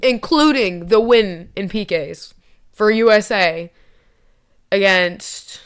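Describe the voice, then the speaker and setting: A young woman vlogging in a loose, rambling way, giggling and teasing herself as she goes. Her voice is smooth and clear, sitting at an ordinary middle pitch for a woman. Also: fairly bright tone. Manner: rambling, giggly, self-mocking. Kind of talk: casual chat to camera.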